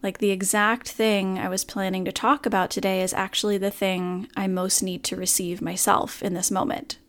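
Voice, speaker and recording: A woman's voice: mid-range voice, little pitch movement, normal speed. Woman podcast host, honest reflective chat, earnest tone. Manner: candid, earnest, self-reflective. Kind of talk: reflective personal podcast monologue.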